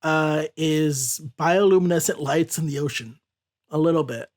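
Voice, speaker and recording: A man's voice: on the high side, normal speed, darkish tone. Chatty young man hosting a comic show. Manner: rambling, chatty, self-correcting. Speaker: comic podcast host. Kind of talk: casual chat.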